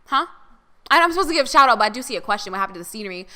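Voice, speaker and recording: A young woman reads out listener comments on a casual podcast in a bright, slightly high voice. She is chatty and affectionate with her audience, talking in an easy, relaxed way. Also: rapid-fire. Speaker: podcast co-host. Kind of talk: casual chat reading viewer comments.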